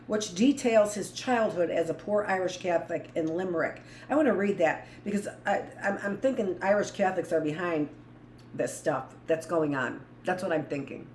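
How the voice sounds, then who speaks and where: Blunt woman reading aloud, roomy echo. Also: on the low side. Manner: rambling, blunt asides between read passages. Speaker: teacher reading aloud to a live class. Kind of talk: live book reading with commentary. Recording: echoey room with faint noise.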